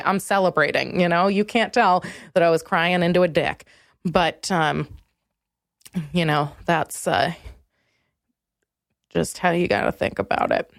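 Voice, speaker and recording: Lowish-voiced lady comic ranting on her podcast, foul-mouthed and biting, dry close sound. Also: dry recording. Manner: crude, acerbic ranting with sudden high jumps in pitch. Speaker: stand-up comedian hosting a podcast. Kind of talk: comedic monologue.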